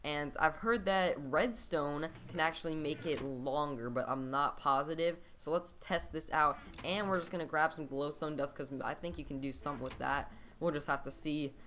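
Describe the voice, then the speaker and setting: A man's voice: a little high, normal speed, few pauses, sharp tone, a little hiss or hum. A man hosting a game let's play, talking casually and rambling with lots of fillers and restarts.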